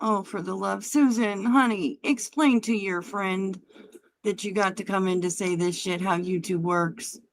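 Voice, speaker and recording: A woman's voice: medium pitch, fairly even intonation, a little slow, a little hiss or hum. A woman hosting a livestream, taunting and cursing at a guest in a heated argument. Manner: taunting, profane, mocking. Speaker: livestream host.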